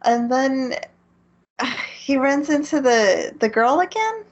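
A woman recaps an anime at a slow, relaxed pace, laughing often with her co-host. Her voice comes through a dull, lo-fi mic. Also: high voice. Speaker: podcast co-host. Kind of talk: casual chat recapping an anime.

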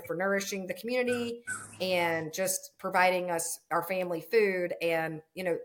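A woman farmer in casual conversation, telling stories in a chatty way and acting out the quoted exchanges. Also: fairly low pitch.

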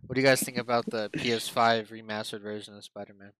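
A man's voice: lowish voice, fairly even intonation, fast talker, fairly bright tone, dry recording, rough recording. A young man guesting on a podcast, chatting casually with laid-back, dry remarks. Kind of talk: casual chat.

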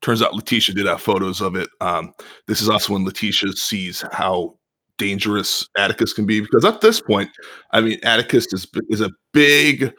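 A man with a very low voice talks through the plot of a TV episode. He is calm and measured, explaining things step by step with the odd filler. The delivery is thoughtful rather than excited. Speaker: podcast co-host. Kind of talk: casual analytical TV recap.

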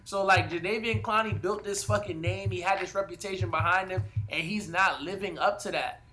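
A man talking casually in a sports debate podcast, animated and profane, hedging with fillers as he argues his picks. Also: sits high, brisk, soft background music. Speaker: podcast co-host.

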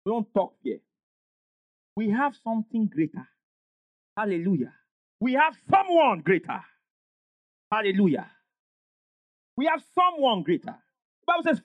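A man preaching a sermon as pastor, emphatic, rising into shouts and call-and-response with the congregation. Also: sits high, sing-song, normal speed, pauses often, dry recording.

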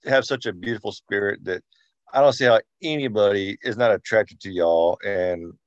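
Talk as an emphatic man, dry and a bit muffled, mid pitch. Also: normal speed, no room sound. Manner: emphatic, repeats himself, says y'all. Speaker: study group member. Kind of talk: casual group discussion. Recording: dry, dull sound.

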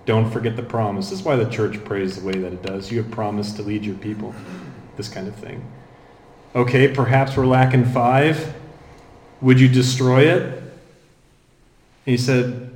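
A man preaching an expository sermon, quoting scripture and shifting between quick asides and slow, emphatic readings. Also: medium pitch. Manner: expository, animated, quotes scripture. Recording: echoey room.

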